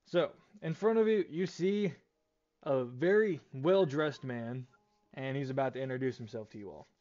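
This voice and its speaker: A man's voice: medium pitch, moderate pace, a little mellow, dull audio. Casual man game master. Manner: casual and self-deprecating. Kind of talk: running a tabletop role-play session.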